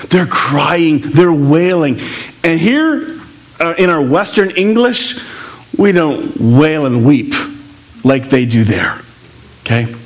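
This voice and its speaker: A male pastor preaching a sermon in a conversational way, with asides and laughter. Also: on the high side.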